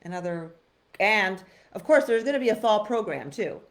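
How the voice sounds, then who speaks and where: A woman's voice: medium pitch, lively intonation, normal speed. A middle-aged woman hosting a casual live stream, giving chatty, frank advice with many restarts. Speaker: host.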